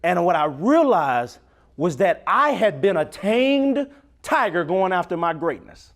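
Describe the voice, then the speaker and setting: Animated male motivational speaker, preacher-like cadence. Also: high-pitched, unhurried. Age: young adult. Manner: preacher-like cadence, swinging from loud to near-whisper. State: choked up and crying at times. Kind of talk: motivational keynote speech.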